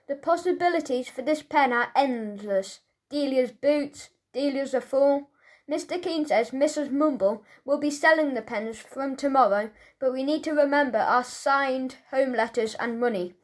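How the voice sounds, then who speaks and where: A woman narrating a children's audiobook in a chatty first-person voice, telling the story as a schoolboy. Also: high voice.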